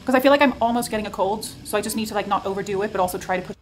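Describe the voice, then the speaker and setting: Soft-spoken woman vlogging. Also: mid-range voice, racing, soft background music, poor audio. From Norway. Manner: soft, cooing, talks sweetly to partner and pets. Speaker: lifestyle vlogger. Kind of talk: vlog narration.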